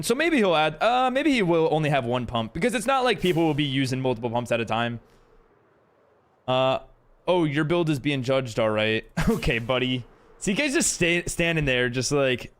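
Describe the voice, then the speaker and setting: A man streaming a game live, chatting casually with viewers and friends and reading chat aloud, laughing often. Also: on the high side.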